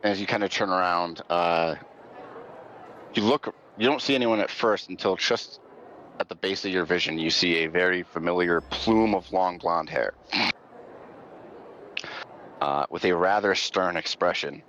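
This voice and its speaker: Deep-voiced man, game master narration, rambling with fillers, dull lo-fi sound, faint hiss. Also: unhurried, long pauses, a bit bright. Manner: rambling, many fillers, laughs often. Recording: dull lo-fi audio.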